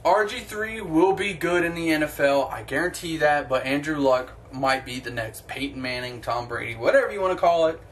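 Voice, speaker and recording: A man's voice: fairly high pitch, normal speed, hardly any pauses, fairly bright tone, slight background noise. A young man hosting his own sports opinion vlog, talking in a blunt, profane, ranting way. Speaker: sports vlogger.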